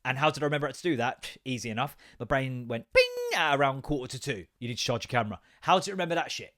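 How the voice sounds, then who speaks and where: A man's voice: mid-range voice, very fast, fairly bright tone. A man, a podcast host telling an exasperated, sweary story about his kids. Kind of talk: casual ranting monologue.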